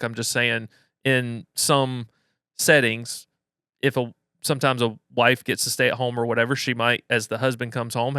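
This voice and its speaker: Bright, clear-voiced male podcast co-host. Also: mid-range voice, no echo, clean studio sound. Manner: reflective, builds points slowly with restarts. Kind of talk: casual conversational podcast.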